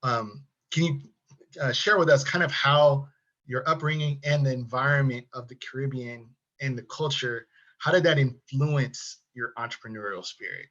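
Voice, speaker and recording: A man of medium pitch hosts an interview over a video call. He reads a polished introduction and then asks questions in easy, casual talk. The sound is dull and lo-fi. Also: normal speed, fairly bright tone. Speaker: host. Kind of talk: interview hosting.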